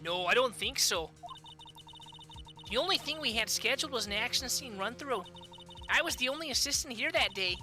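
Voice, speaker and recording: A woman's voice: on the high side, lively intonation, normal speed, pauses often, bright, forceful tone, faint music behind. A woman voicing a polite young female studio assistant with an attempted Canadian accent, apologetic and fussy.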